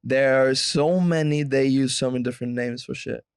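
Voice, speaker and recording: A man co-hosting a comedy podcast who teases his partner with quick dry quips. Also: medium pitch, steady tone, smooth, no room sound. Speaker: podcast co-host. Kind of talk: casual comedic chat.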